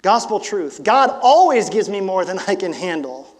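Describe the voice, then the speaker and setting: A man in his forties preaching a sermon as pastor, conversational and animated, with emphatic bursts. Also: high-pitched, moderate pace, big-room sound. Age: 40s.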